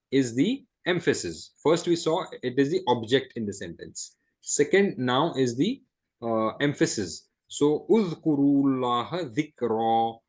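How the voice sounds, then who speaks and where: In a classroom lesson, a man walks through Arabic grammar step by step, asking "right?" to check understanding. He rattles off Arabic phrases quickly between slower English explanations, his voice medium-pitched and husky.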